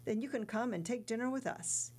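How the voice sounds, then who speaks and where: A woman's voice: fairly high pitch, brisk, a little mellow, pitched above the performer's own voice, natural voice. A woman reading the part of a kindly middle-aged male ship owner in an audiobook, in a fatherly, encouraging manner.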